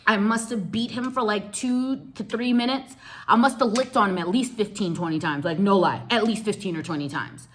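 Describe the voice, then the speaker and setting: A woman telling a story casually to her viewers, animated and slangy, laughing as she goes. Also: mid-range voice, moderate pace, a little hiss or hum.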